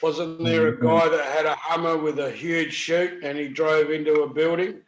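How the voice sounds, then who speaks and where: A man speaking slowly and hesitantly in a casual podcast chat. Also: fairly high pitch, fairly even intonation, roomy sound, poor audio.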